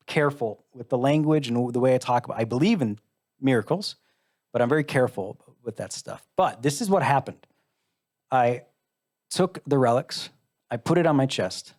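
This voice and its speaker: In a darkish mid-range voice, a middle-aged man from the United States tells a personal story as a musician guest in a live interview. Candid and earnest, with a dry, wry sense of humor, he shifts into the voices of those he's quoting.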